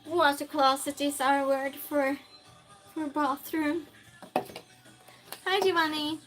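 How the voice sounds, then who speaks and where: A woman with a high, light voice chats unhurriedly with her livestream audience from her home kitchen. She talks to herself and to her viewers as she works, and clear music plays in the background. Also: fairly even intonation, slow pace, a bit bright. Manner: chatty, talks to herself and to chat while cooking. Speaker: streamer. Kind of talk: casual livestream chat while cooking.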